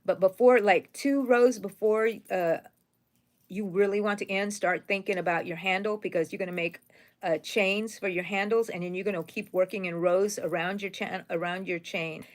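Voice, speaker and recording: A middle-aged woman with a drawl chats through a crochet live stream. Her talk is rambling and homey, and she greets her viewers one by one. Her pitch sits in the middle for a woman, and she turns soft and sentimental easily. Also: steady tone, normal speed. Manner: tender and sentimental. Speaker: crochet channel host. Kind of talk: casual live-stream chat while crocheting.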